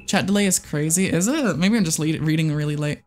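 A livestreamer in casual gameplay commentary, excitable and swearing often while talking to the game and chat. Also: mid-range voice, fairly quick, faint music behind. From United States.

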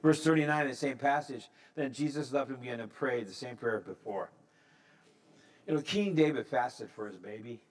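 Preaching at normal speed, a man in his sixties gives a conversational sermon as a pastor. He self-corrects along the way and climbs into high, excited emphasis.

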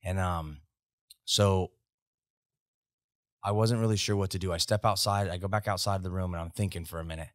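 Here a low-voiced American veteran in his thirties speaks at normal speed with long pauses, telling profane army stories on a podcast. He's animated and casual, and the studio-quality podcast mic picks up no room sound.

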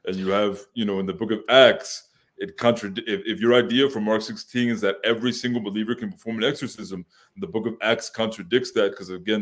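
A man co-hosting a casual chat, explaining points carefully, with frequent restarts. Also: fairly low pitch. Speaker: co-host.

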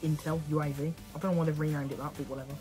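Excitable man commentating gameplay. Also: on the high side, racing, faint music behind. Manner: excitable, swears and cheers at the game. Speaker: gaming YouTuber.

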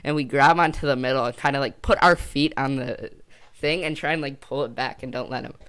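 A man's voice: mid-range voice, fairly quick, fairly bright tone, smooth. A young man telling a casual storytime for his channel, rambling and jokey, often trailing off and circling back. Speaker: YouTuber.

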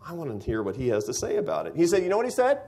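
A man's voice: fairly high pitch, huge pitch swings, rapid-fire, mellow. A middle-aged man giving a university lecture, telling a story with lots of rhetorical questions to the audience.

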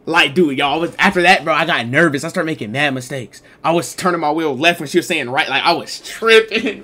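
A man telling a story to his live stream chat, slangy and excitable, swinging between mumbled asides and loud exclaims. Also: fairly high pitch, normal speed.

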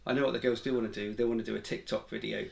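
A man's voice: fairly low pitch, flat delivery, racing, creaky, reverberant. A man chatting casually on a family vlog, agreeable and hesitant, with many fillers. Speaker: vlogger parent. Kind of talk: casual chat.

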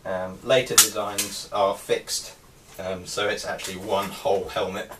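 Low-voiced man, hesitant, distant mic. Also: flat delivery, unhurried. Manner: hesitant, many ums and restarts. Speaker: artist showing his helmet collection. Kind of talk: casual show-and-tell vlog. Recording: distant mic with faint background noise.

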